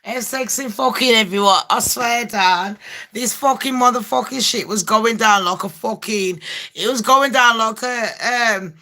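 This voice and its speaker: A woman's voice: a little high, a little slow, sharp tone. A woman ranting in a casual gossip vlog, brash and full of swearing, laughing often. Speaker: gossip vlogger.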